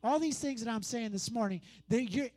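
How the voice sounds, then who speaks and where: A man's voice: very high voice, brisk, darkish tone. A man preaching a sermon, pressing his points through repetition and conversational asides.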